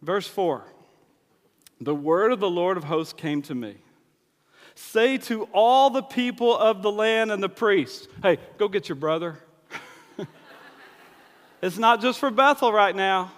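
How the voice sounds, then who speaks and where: High-voiced preacher in an echoing hall. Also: male voice, slow, pauses often, fairly bright tone. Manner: conversational preaching with acted-out dialogue. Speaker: pastor. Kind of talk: sermon. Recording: long hall reverb.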